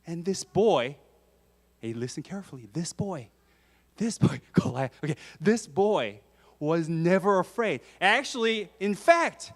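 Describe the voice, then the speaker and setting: A man gives a children's sermon in church, asking the kids questions as he goes. His voice sits high and swings widely up and down. He speaks slowly and with emphasis. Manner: lively, questions the kids often. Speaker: preacher.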